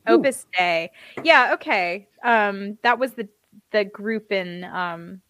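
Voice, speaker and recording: A woman chatting casually on a podcast, laughing and throwing in quick asides. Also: medium pitch, a bit bright, dry recording. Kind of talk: casual chat.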